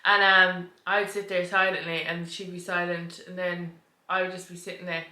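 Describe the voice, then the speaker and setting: A woman's voice: fairly low pitch, level tone, moderate pace, sharp tone. A young woman co-hosting a podcast, telling a personal story in casual chat and laughing often. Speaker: podcast co-host. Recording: echoey room.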